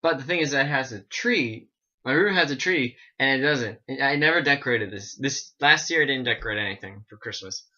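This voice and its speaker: A man recording a casual storytelling vlog at home, rambling and animated, with many restarts and asides. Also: medium pitch, fairly quick, highs cut off. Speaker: vlogger.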